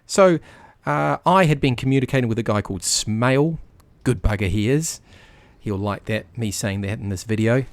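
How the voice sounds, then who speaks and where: A man's voice: mid-range voice, moderate pace, no room sound. A man giving blunt, chatty commentary over his gameplay, with the odd swear word. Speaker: gaming YouTuber. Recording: background game music.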